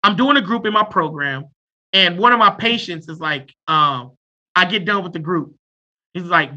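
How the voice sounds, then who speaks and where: A man in his thirties speaks as a therapist in a casual podcast chat, loud and abrasive with blunt humor. His voice sits fairly high for a man and sounds bright and forceful. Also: moderate pace, lo-fi sound. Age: 30s.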